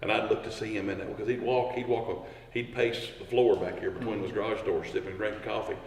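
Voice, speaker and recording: A man's voice: fairly low pitch, fairly even intonation, quick pace. A man, a firefighter telling rambling stories in a fire station garage. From East Tennessee. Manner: rambling, many restarts, laughing asides. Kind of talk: casual storytelling. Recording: echoey hall, voice from far off.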